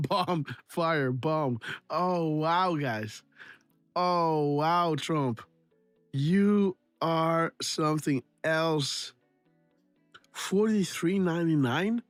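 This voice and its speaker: Drawing out his words in a fairly high voice, a laughing man hosts a casual livestream. The recording has no room sound and faint music behind him, and he repeats himself and mimics sound effects.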